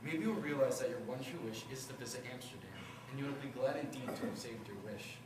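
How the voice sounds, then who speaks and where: A man's voice: medium pitch, a little fast, close to an everyday voice. A teenage boy playing a witty, charming teenage boy with cancer, in a student stage performance with a playful, teasing, wry delivery. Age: teens. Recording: echoey room from far off, noisy.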